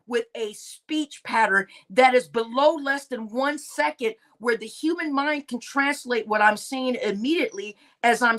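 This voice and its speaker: A woman's voice: sits high, a bit bright. A woman hosting a casual livestream monologue, emphatic, often repeating words and asking "right?". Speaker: host of a conspiracy talk stream.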